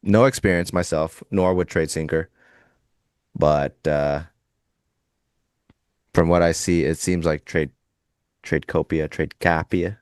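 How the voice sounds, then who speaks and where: A man's voice: a bass voice, steady tone, takes it slowly, long pauses, a little mellow, clear, resonant tone, no room sound, studio quality. A man co-hosting a live stream, hesitant and repeating himself while joking along. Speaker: co-host. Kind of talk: casual live-stream chat.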